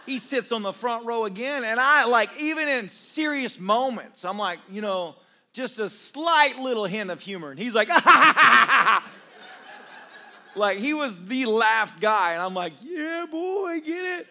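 High, bright-voiced joking pastor. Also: male voice, moderate pace. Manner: humorous, self-deprecating, laughs often while talking; conversational, addresses congregation directly. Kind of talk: storytelling sermon.

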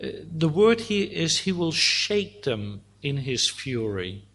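Slow-speaking preaching man. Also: a little high, very animated, a bit bright, breathy edge. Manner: slow deliberate Bible teaching, voicing God's words. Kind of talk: sermon.

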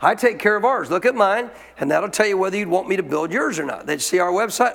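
A man's voice: high voice, lively intonation, fast, gravelly, fairly bright tone, in a large hall. A male pastor preaching a sermon in a conversational way, often asking the congregation questions.

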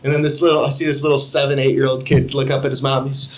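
A man's voice: mid-range voice, fast talker. A man co-hosting a casual talk show, telling stories with lots of laughter. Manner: animated, laughing storyteller. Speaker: podcast co-host. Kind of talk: casual chat. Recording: roomy echo.

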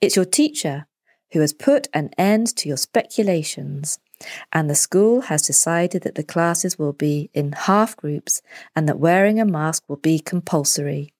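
A woman voicing a calm, patient father in a children's story, speaking in a gentle, even way. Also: low-pitched, a little slow, no room sound, clean studio sound, heavily acted.

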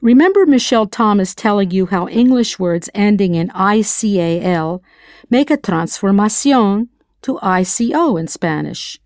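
A woman leads a scripted audio language lesson and keeps quizzing the listener in a light, playful way. Her voice sits at a middle pitch, and the recording is dry and close with no room sound. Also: lively intonation, a little slow, darkish tone, no room sound. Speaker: language teacher.

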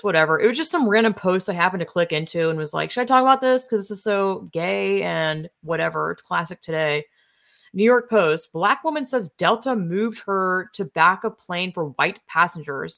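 Blunt, profane woman with a lowish voice. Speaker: political commentary host. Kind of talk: casual reaction commentary.

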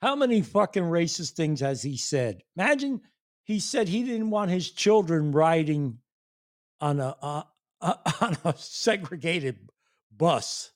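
A streamer rants to viewers about politics with open disbelief, swearing constantly and laughing incredulously. The delivery is animated yet slow and heavy, and his high-pitched voice swings widely.

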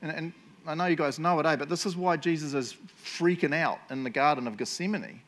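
A man gives a sermon, talking earnestly and casually to his listeners. He often restarts and fills pauses. When he reads a passage aloud, he slows down and gives each phrase weight. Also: on the high side, a bit bright. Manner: earnest and conversational, with many fillers and restarts; reads quotes slowly and with weight. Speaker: preacher.

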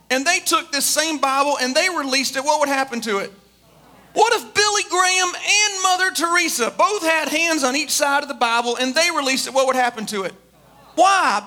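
A man's voice: very high voice, bright, forceful tone. A man preaching a sermon as pastor, emphatic, building his points with repeated rhetorical questions.

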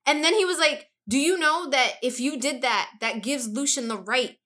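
Woman, high voice, bright tone, animated gossipy storytelling, casual chat. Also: normal speed. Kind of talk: casual book discussion chat.

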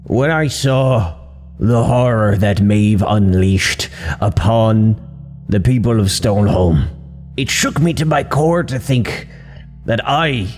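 A man's voice: medium pitch, darkish tone, breathy edge, in a large hall. A man voicing a weary, guilt-ridden old pirate captain, pleading and close to tears. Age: older. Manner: anguished pleading, voice strained near tears.

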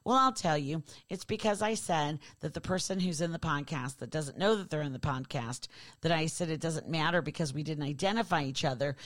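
Low-voiced woman podcast host, rambly and snarky, swears a lot, dry close mic. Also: brisk, no room sound. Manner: rambling, sarcastic and profane. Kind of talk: casual podcast monologue.

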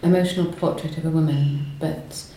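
Low-voiced woman poet in a roomy space. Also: steady tone, a little fast, warm tone. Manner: hesitant, lots of ums and restarts when talking. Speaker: poet guest. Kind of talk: conversational interview and poetry reading. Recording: roomy echo, faint noise.

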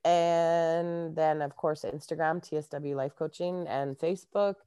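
A woman's voice: low voice, fairly even intonation, a little slow, warm tone, clean tone, no echo, clean studio sound. A Canadian woman, a life coach, chatting casually as an interview guest and laughing often.

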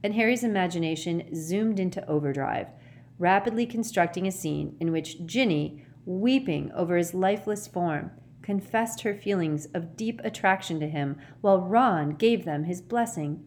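A woman narrating a storybook in an expressive, dramatic way. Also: fairly low pitch, moderate pace. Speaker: audiobook reader.

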